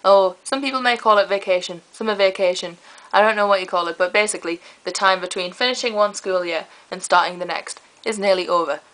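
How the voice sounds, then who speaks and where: Bright-voiced chatty teen girl. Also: medium pitch, fairly quick, low-quality recording. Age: teens. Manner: chatty, rambling, lively storytelling. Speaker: vlogger. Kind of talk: casual chat to camera.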